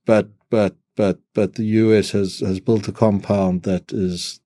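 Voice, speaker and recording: Dark-voiced man, dry sound. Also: fairly low pitch, flat delivery, no echo. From South Africa. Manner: measured, repeats words when starting phrases. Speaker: guest analyst. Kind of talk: podcast interview.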